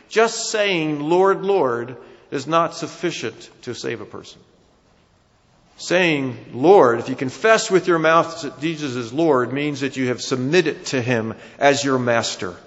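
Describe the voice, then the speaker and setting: A man's voice: a little high, measured pace. A man with a New Jersey accent preaching a sermon, emphatic, his voice rising and falling for emphasis. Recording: dull sound with long hall reverb.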